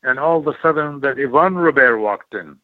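An older man from Iraq, a former wrestler, telling animated stories as an interview guest and acting out quoted voices. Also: medium pitch, fairly quick, dry recording. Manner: animated storyteller, acts out quoted voices, broken English. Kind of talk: storytelling in an interview. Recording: tinny phone-like audio, dry.

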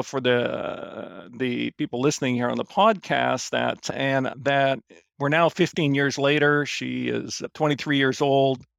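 His voice medium in pitch with vocal fry, a fifty-something man appears on a finance podcast and shares his story casually. He rambles with lots of fillers and restarts, recorded dry with clean studio sound.

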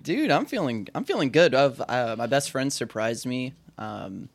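A man's voice: medium pitch, very animated, moderate pace, vocal fry. A man in his mid-twenties co-hosting a podcast, chatting casually, laughing often and trailing off into filler words. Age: 20s. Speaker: podcast co-host. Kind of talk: casual chat.

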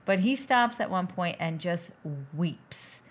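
Chatty low-voiced woman recapping a film. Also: lively intonation, slow pace. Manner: chatty, recaps plot at length with restarts. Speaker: podcast co-host. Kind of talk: casual movie-review chat.

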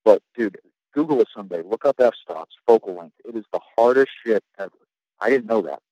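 Profane rambling man with a dark voice. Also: lowish voice, expressive, a little fast, dry recording, highs cut off. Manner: profane, rambling storytelling with frequent restarts. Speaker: guest, navy veteran. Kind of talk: casual podcast chat.

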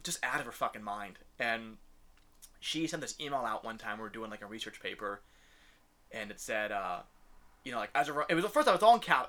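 A young man with a medium-pitched, sharp-toned voice tells a story in a casual chat. He rants, swears freely, and laughs often.

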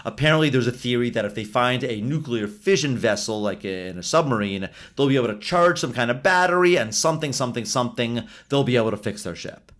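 A man's voice: mid-range voice, lively intonation, fast talker, hardly any pauses, fairly bright tone. A man co-hosting a podcast, talking casually about a film and trading trivia in a dry, playfully argumentative way. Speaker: podcast co-host.

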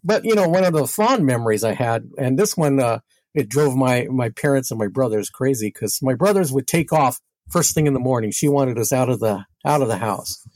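A man's voice: medium pitch, lively intonation, a little fast, darkish tone, dry recording. A man from Brooklyn, New York, a podcast guest telling rambling stories with laughs and many fillers. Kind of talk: casual storytelling.

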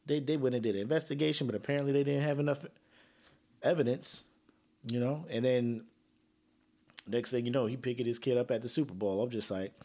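A man's voice: mid-range voice, fairly quick, long pauses, a little mellow. A man hosting a casual solo podcast, joking and trash-talking with frequent laughs. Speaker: podcast host.

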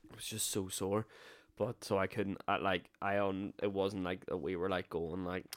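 A man's voice: low voice, level tone, moderate pace, dry recording. A young man, co-hosting a casual podcast, swearing freely and laughing through his stories. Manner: swears a lot, laughs while telling stories. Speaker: podcast co-host. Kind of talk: casual chat.

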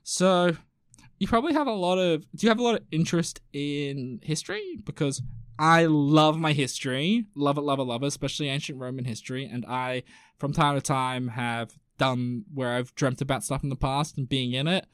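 A man hosts a casual podcast, reading listener notes and wandering off into asides full of fillers. His voice sits a touch high. The recording is dry and close, with no room sound. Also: normal speed, clean tone, no echo. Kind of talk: casual chat.

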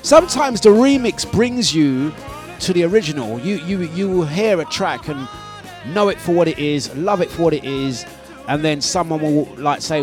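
A man's voice: fairly high pitch, expressive, moderate pace, faint music behind. A man hosting a breakfast radio show in casual, teasing, playful chat. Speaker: radio DJ and host.

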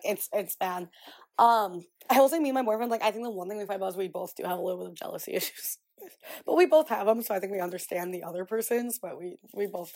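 A young adult woman hosting a podcast, chatting casually and telling stories with lots of "like". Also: medium pitch. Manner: chatty storytelling, heavy use of "like". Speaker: podcast host. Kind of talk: casual chat.

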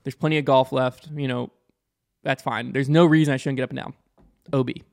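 A young man telling a story in casual conversation, animated and quick, acting out the people he quotes. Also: medium pitch, creaky. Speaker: podcast guest or host, disc golfer.

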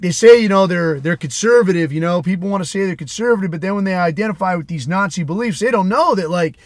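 A man's voice: high-pitched, dry recording. A man hosting a podcast, ranting in a casual, profane, sarcastic way and mimicking the people he mocks. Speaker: podcast host. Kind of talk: casual solo rant.

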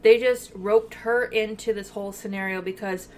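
A woman co-hosting a podcast in casual chat, talking in an animated way with lots of fillers and swearing, eating while she records. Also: medium pitch, normal speed, slight background noise. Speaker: podcast co-host.

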